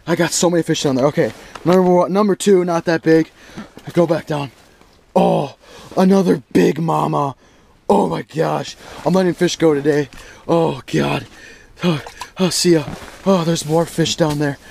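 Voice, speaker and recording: A young man vlogging as he ice fishes, giving an excited, slangy play-by-play and exclaiming loudly at each catch. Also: a little high, moderate pace, creaky, a little hiss or hum. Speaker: fishing vlogger. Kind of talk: excited play-by-play while fishing. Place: ice fishing on a frozen lake in deep cold. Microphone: action camera.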